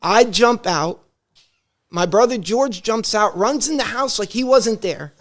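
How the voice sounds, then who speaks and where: A man's voice: high voice, a little slow. A man in casual podcast chat, telling rambling family stories with many restarts and acting out the quoted dialogue. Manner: animated, acts out quoted dialogue. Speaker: podcast guest. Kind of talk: casual storytelling.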